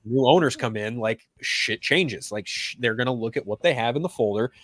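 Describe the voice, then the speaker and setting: Blunt, bright-voiced man ranting. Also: medium pitch, animated, normal speed, dry recording. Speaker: podcast co-host. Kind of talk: casual chat.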